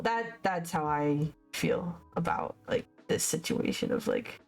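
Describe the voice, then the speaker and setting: With a voice on the low side and a measured pace, a young woman chats casually while painting on stream. She rambles and often stumbles over her words, and faint music plays behind her.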